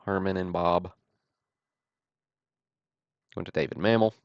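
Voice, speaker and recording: A man hosting a livestream, calling out trading cards one after another in a steady, matter-of-fact way with dry self-deprecating asides. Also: low-pitched, takes it slowly, no echo, muffled recording. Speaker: host of a card-break livestream.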